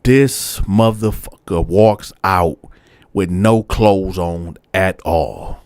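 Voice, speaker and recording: A man's voice: sits low, extremely slow, no echo. Slangy man telling a prison story. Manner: animated, slangy, talks straight to viewers. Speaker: storyteller host.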